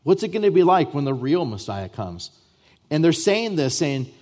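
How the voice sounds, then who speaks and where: A man pastor preaching a sermon to his church, emphatic, with repeated starts and swings between loud and soft. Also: a little high, big pitch swings, normal speed. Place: church sanctuary.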